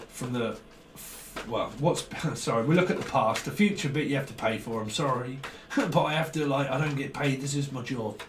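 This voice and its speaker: A man giving a casual tarot reading, rambling in a stream of consciousness and chuckling often. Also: mid-range voice. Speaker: tarot reader. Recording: roomy, distant mic, faint background noise.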